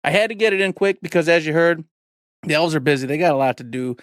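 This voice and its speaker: A male podcast host chats casually in a loose, rambling way, slipping jokes into his lines. His voice sits at an ordinary pitch and sounds dry and close, with no room echo. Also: fast talker.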